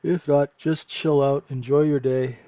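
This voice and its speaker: A man's voice: fairly high pitch, steady tone, measured pace, mellow, no echo, highs cut off. A middle-aged man hosting a live trading room, chatting casually and joking with viewers, laughing often. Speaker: trading room host and mentor.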